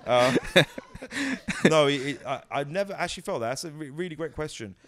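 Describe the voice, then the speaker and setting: A British man in his thirties, a comedy actor, chatting as an interview guest in an animated, storytelling way. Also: fairly high pitch, fast talker, a crowd in the background. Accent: British English. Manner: animated, storytelling, many "you know"s. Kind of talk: casual interview chat.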